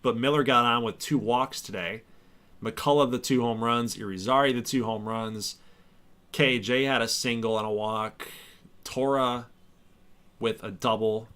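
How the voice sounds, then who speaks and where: A young man hosts a live stream of a baseball video game, commenting on plays and stats in a casual, excitable way. His voice is bright and forward. He trash-talks the players and suddenly breaks into loud outbursts. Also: mid-range voice, a little slow, clean tone. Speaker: gaming streamer and league host.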